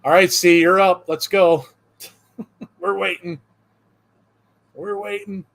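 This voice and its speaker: A man with a high, steady voice speaks slowly, with vocal fry and a slightly bright tone. He's co-hosting a wrestling podcast in casual chat, reading viewer jokes aloud, chuckling often, and rambling loosely with plenty of fillers.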